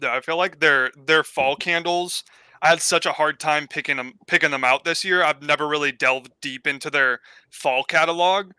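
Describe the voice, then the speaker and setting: Man from california, very bright tense voice, dry close sound, casual chat. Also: fairly high pitch, moderate pace, smooth, no room sound. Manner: easygoing, hesitant restarts. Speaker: guest.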